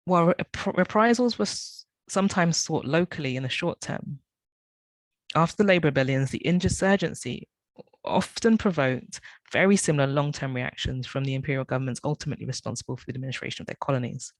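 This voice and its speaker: A man's voice: fairly high pitch, fairly quick, no echo, poor audio. A man reading a prepared academic talk, often stumbling and correcting himself. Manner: reads from notes, with frequent self-corrections and apologies. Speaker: academic speaker.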